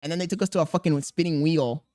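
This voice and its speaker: A young man hosting a podcast, telling a profane story in a casual, animated way. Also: fairly high pitch, fast talker, dry recording, studio quality. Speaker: podcast host.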